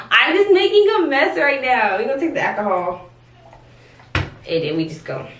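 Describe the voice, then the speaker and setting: A woman's voice: high-pitched, lively intonation, slow, pauses often, a bit bright, distant mic. A woman chatting through a casual tutorial vlog in a slangy, rambling way from her bathroom. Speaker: vlogger. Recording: roomy, off-mic, faint noise.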